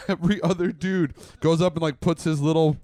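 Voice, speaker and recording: A man's voice: fairly high pitch, fairly even intonation, normal speed, a little mellow, slight background noise. Rambling man swapping stories. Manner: rambling storyteller with many restarts and swearing. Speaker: podcast co-host. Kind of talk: casual podcast chat.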